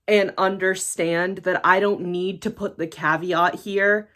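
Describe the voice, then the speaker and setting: A woman from the United States talking casually and bluntly to her camera, swearing freely in a vlog rant. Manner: blunt, swearing, animated swings in pitch. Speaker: YouTuber.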